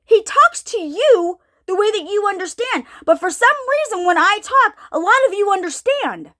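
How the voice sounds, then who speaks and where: A woman preacher with a very high, animated voice that swoops up and down delivers an informal sermon at normal speed. She searches for her words, repeats herself, and puts questions to her listeners.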